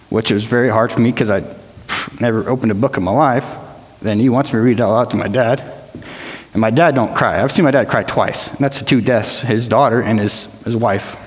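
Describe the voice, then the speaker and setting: A man telling his personal testimony to a church gathering, plain-spoken and emotional, often halting and repeating himself. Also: mid-range voice. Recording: long hall reverb.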